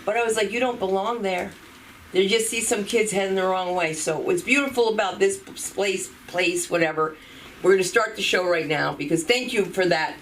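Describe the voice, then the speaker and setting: A woman hosting a live comedy show, brash, loose and profane. She sounds set back from the microphone. Steady background noise runs under her voice. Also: medium pitch, brisk. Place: comedy venue. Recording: distant mic with noticeable room noise.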